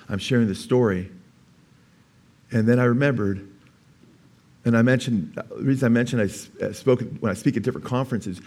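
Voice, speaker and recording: Animated preaching pastor, male. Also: medium pitch. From California. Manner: animated storytelling, rising to emphatic preaching, asks the congregation "amen?". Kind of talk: sermon.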